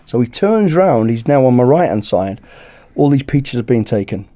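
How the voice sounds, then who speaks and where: A British man, a podcast guest, telling a lively anecdote in casual chat and acting out the dialogue. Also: mid-range voice, normal speed. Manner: lively anecdote-teller who acts out dialogue. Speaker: podcast guest, former bodyguard.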